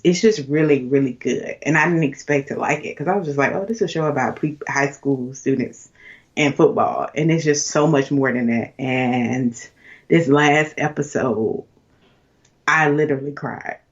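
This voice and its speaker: A young woman co-hosting a podcast, chatty and animated, with lots of fillers. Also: sits low, measured pace, highs cut off. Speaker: podcast co-host. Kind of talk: casual chat.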